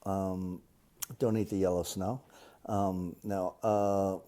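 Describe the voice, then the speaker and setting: A fifty-year-old man with a Boston accent, reading a passage and answering interview questions with many ums and pauses. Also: low-pitched, level tone, dark tone. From Cape Cod, Massachusetts. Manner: hesitant, many ums and uhs.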